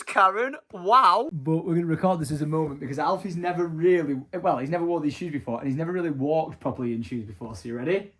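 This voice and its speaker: A man's voice: on the high side, expressive, a little fast, hardly any pauses, a bit bright, rough recording. A man, chatting casually through a home vlog and cheering on his toddler. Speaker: vlogger.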